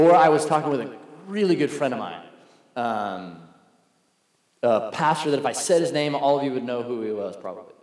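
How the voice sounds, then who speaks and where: Pastor preaching in an echoey hall. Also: male voice, medium pitch, darkish tone. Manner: conversational storytelling, acts out quoted voices. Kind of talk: sermon.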